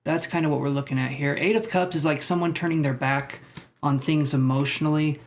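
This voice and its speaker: A man's voice: a little high, steady tone, a little fast, slight background noise. A man reading tarot cards for viewers on a live stream, chatting casually and joking about himself. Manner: joking, self-mocking, chatty. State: out of breath. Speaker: tarot reader.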